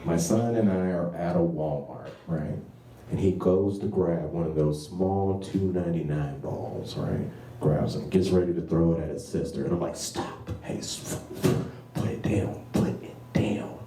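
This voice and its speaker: A male stand-up comedian telling stories about his kids in an animated way, often saying "you know what I'm saying.". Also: sits low, moderate pace, a little hiss or hum. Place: small comedy club. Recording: echoey room, distant mic.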